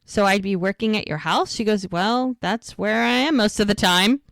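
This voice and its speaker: Woman, podcast co-host, chatty recap, quotes characters, medium pitch, dry close sound. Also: no room sound. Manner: chatty, quotes characters in quick lively bursts. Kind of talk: casual chat, retelling TV scenes.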